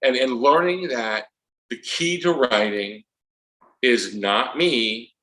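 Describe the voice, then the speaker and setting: A man in his fifties, an author guest telling comic anecdotes with lively acted-out scenes. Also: mid-range voice, low-quality recording. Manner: comic, acts out scenes in quick voices. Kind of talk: animated storytelling.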